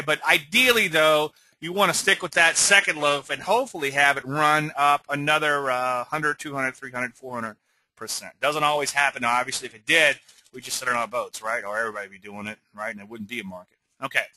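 Rambling, bright-voiced man teaching trading. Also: on the high side. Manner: rambling, conversational, peppers with "okay?". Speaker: trading educator. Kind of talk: live webinar teaching with Q&A.

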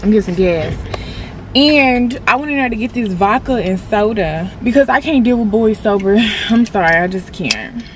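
A young woman in her twenties vlogs from behind the wheel, talking to a phone held close. Her talk is blunt and full of swearing and teasing. Road and engine noise runs clearly under her voice. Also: mid-range voice, lively intonation, moderate pace. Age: 20s. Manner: blunt, profane, playful trash talk. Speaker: vlogger. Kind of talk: casual vlog chat. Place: in a car.

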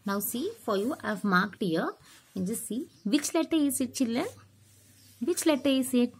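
A woman's voice: a little high, moderate pace, husky. A woman teaching a phonics lesson to children, sounding out letters one by one and quizzing them as she goes.

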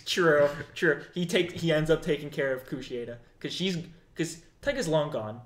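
A man co-hosting a casual podcast, his voice sitting a little high for a man. He keeps slipping into characters' lines as he retells scenes, and the recording rings with a roomy echo. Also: moderate pace. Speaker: podcast co-host. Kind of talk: casual chat.

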